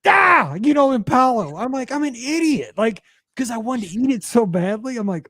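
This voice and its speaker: A man in his forties, a podcast host, telling a story in casual chat with many fillers and excited jumps in pitch. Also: normal speed, dry recording, clean studio sound.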